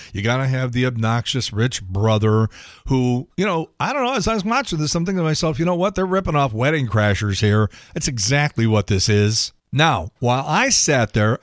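A man's voice: medium pitch, dry recording, studio quality. Blunt, grumbling middle-aged man. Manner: blunt, opinionated, grumbling rant with swearing. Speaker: podcast host. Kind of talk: casual monologue, movie review.

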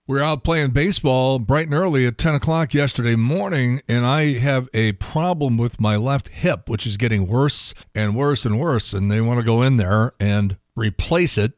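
Ein Mann mittleren Alters, der als Podcast-Moderator unverblümt und meinungsstark vor sich hin schimpft, mittlere Stimmlage, trockene Aufnahme ohne Hall. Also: male voice, medium pitch, clean studio sound. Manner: blunt, opinionated, grumbling rant with swearing. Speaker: podcast host. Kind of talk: casual monologue, movie review.

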